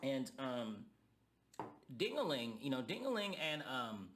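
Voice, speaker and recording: A man's voice: medium pitch, sing-song, measured pace, fairly bright tone. A young man giving a heated, profane rant reviewing a reality TV reunion. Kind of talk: ranting commentary.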